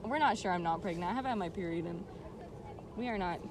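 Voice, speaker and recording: A young woman hosting a casual podcast chat with friends, dramatic and quick to laugh. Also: fairly low pitch, background noise. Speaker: podcast host.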